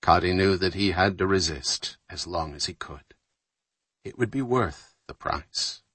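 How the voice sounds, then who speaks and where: Deep-voiced male narrator, slightly husky, measured and steady read for a thriller audiobook. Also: no echo. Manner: measured, steady reading with lightly voiced dialogue.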